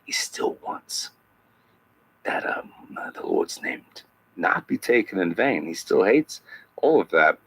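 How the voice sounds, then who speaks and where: A man doing a satirical impression of an older male actor as a podcast guest, speaking in halting phrases with odd pauses. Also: low voice, sing-song, gravelly, a bit bright, breathy edge, in a whisper, pitched below the performer's own voice, heavily acted, low-quality recording. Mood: storytelling.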